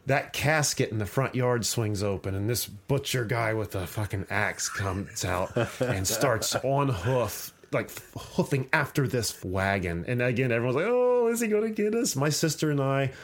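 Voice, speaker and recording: A man's voice: medium pitch, unhurried, hardly any pauses, a bit bright. A man hosting a podcast, telling a story in casual chat, swearing and laughing as he goes. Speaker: podcast host.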